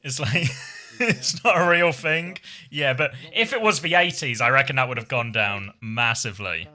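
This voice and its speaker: Bright-voiced English streamer man. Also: medium pitch, expressive, moderate pace. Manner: chatty, self-deprecating, reads out chat. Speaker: esports streamer and caster. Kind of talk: casual stream chat and play-by-play commentary.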